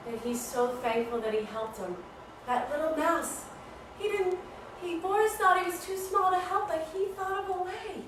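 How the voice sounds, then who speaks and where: A woman leads a children's yoga class as she tells a story, playful and encouraging throughout. Her high voice jumps around a lot, and it sounds far off the mic in an echoey room with faint noise behind it. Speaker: kids' yoga teacher.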